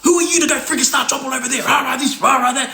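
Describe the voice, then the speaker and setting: A man's voice: very high voice, sing-song, fast talker, roomy sound, voice pushed up, full character voice. Man putting on a furious older gang enforcer. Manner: shouting, berating, threatening.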